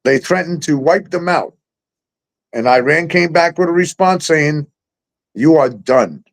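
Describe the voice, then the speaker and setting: Profane ranting man, higher voice. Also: normal speed, vocal fry. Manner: profane, incredulous, sarcastic ranting. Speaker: talk show host. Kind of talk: ranting conspiracy talk.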